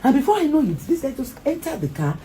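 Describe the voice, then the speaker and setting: A woman's voice: sits high, quick pace, slight background noise. A middle-aged Nigerian woman, an actress, telling an emotional story in an interview, acting out what others said and restarting often. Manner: animated, acts out quoted dialogue, frequent restarts.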